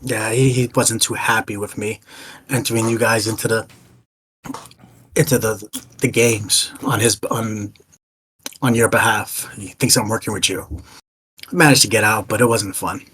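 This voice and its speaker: A man's voice: fairly low pitch, steady tone, moderate pace, long pauses, a bit bright, slight background noise, close to an everyday voice. A man voicing a battered, cheerful male merchant who shrugs off his injuries in a casual, chatty way. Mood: shrugging. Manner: brushes things off, casual and chatty.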